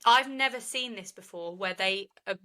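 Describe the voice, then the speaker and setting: Bright woman retelling a case. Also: medium pitch, moderate pace, poor audio. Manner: earnest, opinionated storytelling. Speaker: true crime podcast co-host. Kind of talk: casual chat retelling a case.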